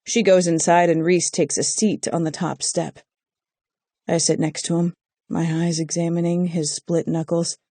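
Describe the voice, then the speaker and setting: An audiobook narrator giving an intimate, measured first-person romance reading on a close studio mic. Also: mid-range voice, little pitch movement, mellow, no room sound.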